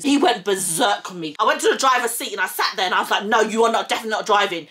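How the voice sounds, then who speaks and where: A young woman, telling a personal story in casual chat, animated and acting out what people said. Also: medium pitch, racing, hardly any pauses. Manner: animated, acts out quotes, swears. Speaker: vlogger telling her story.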